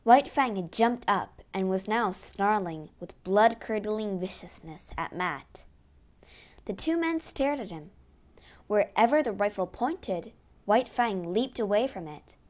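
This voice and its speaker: A woman reading a children's adventure story aloud in a steady, expressive way. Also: medium pitch, slow. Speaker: narrator.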